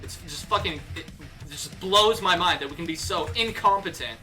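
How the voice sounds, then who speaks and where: A man's voice: high-pitched, normal speed, bright, forceful tone. A young man from the United States livestreaming, ranting heatedly with lots of swearing and restarts, faint guitar music behind. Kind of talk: casual livestream rant.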